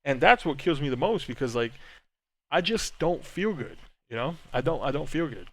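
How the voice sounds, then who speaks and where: A man's voice: a little high, expressive, normal speed, fairly bright tone. Candid rambling male podcast host. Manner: candid and rambling, many restarts and filler words. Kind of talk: casual chat, reading live chat.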